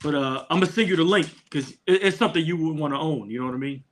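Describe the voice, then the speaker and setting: A man's voice: a little high, rapid-fire, a bit bright. A man co-hosting a podcast, laid-back and joking with his guests. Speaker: podcast co-host. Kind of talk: casual podcast chat.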